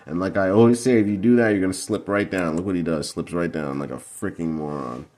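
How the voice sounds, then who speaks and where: A man's voice: low voice, fairly quick, a little mellow. A man breaking down football game film in a heated, profane, combative rant. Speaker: football analysis vlogger.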